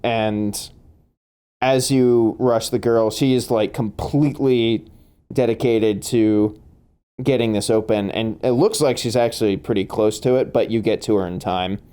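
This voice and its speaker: A man's voice: lowish voice, fairly even intonation, measured pace, dark tone, clear, resonant tone. A man running a tabletop game as game master, laughing often and talking with many fillers and restarts.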